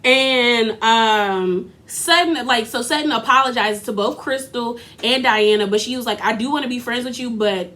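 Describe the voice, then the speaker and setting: This reality TV recap commentator is a sassy woman with lively slang, a slightly high voice, normal speed and few pauses. She gives an animated, slangy casual recap, acting out quoted lines.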